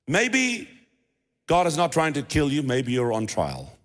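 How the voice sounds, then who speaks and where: A man's voice: a little high, wildly swooping pitch, unhurried. A man with a South African accent preaching a sermon, talking in a casual way and repeating himself as he goes. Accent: South African English. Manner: conversational preaching with restarts and repeated phrases. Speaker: pastor. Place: church hall. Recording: long reverb of a church hall.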